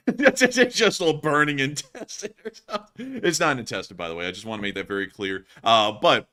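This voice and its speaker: A man hosting a live-stream war commentary, excited and joking, often laughing. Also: on the high side, a little fast. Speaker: host.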